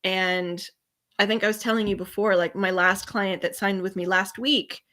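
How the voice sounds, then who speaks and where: A woman guest in an interview, a business coach telling a candid, lively story and acting out what people said. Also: mid-range voice, moderate pace.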